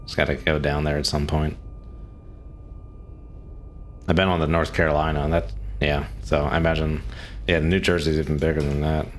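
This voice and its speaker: A man's voice: very deep voice, little pitch movement, fast talker, slight background noise. A man streaming a game, chatting casually and answering chat questions, with frequent chuckles. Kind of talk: casual live-stream commentary.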